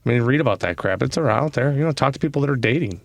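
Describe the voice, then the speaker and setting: Man, middle-aged, gravelly voice, dry close sound, jokey podcast riffing. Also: medium pitch, expressive, quick pace, no room sound. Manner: riffing, laughs often, drops into bits. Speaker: podcast co-host. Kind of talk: casual comedic chat.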